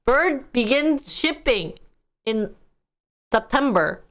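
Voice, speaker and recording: A woman's voice: a little high, animated, slow pace, fairly bright tone. A woman streaming live, chatting casually with her viewers, reacting to news items with frequent laughter.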